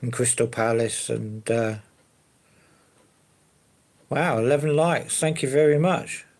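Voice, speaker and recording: Gravelly man chatting live. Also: medium pitch, slow, darkish tone. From London. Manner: easygoing, rambling, fillers and hedges like to be honest. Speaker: live streamer. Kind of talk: casual live chat answering viewers.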